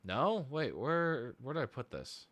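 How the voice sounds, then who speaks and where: A man's voice: medium pitch, very animated, measured pace, fairly bright tone, no room sound. A man chatting casually on a live stream, rambling and self-deprecating as he thinks aloud, tired from lack of sleep. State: sleep deprived. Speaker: streamer and musician.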